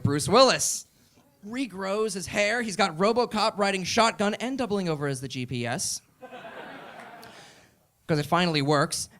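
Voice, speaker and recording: Animated man in a comedy monologue. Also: on the high side. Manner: animated, excitable, building to shouts.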